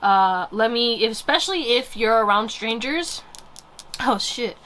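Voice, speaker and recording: A woman's voice: a little high, expressive, measured pace, fairly bright tone. A woman giving a casual pick-a-card tarot reading, rambling and swearing freely with lots of fillers. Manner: rambling, profane, filler-heavy. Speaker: tarot reader.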